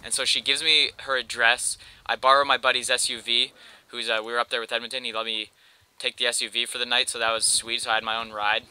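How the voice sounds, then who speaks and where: Bright, slangy young Canadian guy telling a story. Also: mid-range voice, level tone, quick pace, smooth, rough recording. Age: young adult. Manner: rambling, slangy, with lots of "like". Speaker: gameplay commentator. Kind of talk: casual storytelling over gameplay.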